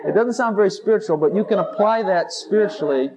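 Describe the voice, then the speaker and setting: A man's voice: high voice, crowd noise. A man preaching a sermon, exuberant and emphatic, breaking into song snatches and laughter. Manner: exuberant, sings snatches, laughs, rapid-fire declarations.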